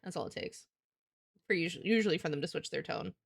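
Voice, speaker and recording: A woman's voice: lowish voice, lively intonation, fast, gravelly, no room sound, clean studio sound. A young woman chatting casually on a livestream, rambling and swearing as she talks with viewers. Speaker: streamer.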